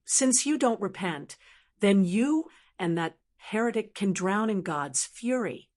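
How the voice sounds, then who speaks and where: A woman's voice: medium pitch, animated, slow, darkish tone. A harsh old churchman who looks down on others and speaks with icy command. A woman reads his lines in an audiobook, with no real change of voice. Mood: cold. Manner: cold, commanding. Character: cold stern old male bishop.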